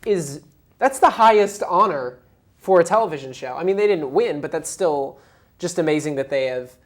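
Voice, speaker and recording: A young woman with a notably low voice co-hosts a casual entertainment talk show. She chats in a bubbly, gushing way, full of "like" and "just", hopping between enthusiastic opinions. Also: expressive, moderate pace. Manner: bubbly, gushing, filler-heavy. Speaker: co-host.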